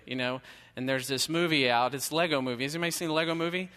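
A man's voice: on the high side, steady tone, quick pace, pushed and bright, in a large hall. A middle-aged male pastor preaching a sermon in a conversational way, with emphatic rhetorical questions.

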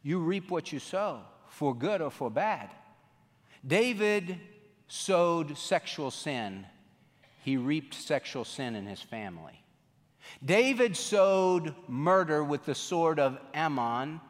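A man's voice: on the high side, animated, slow pace. Man preaching in a reverberant hall. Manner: emphatic preaching with rises and hushed drops. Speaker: pastor. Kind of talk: sermon.

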